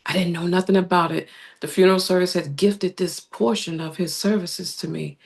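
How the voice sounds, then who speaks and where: Animated woman telling stories. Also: fairly low pitch, normal speed, gravelly. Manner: animated storyteller, acts out quoted voices. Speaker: interview guest. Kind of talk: conversational storytelling.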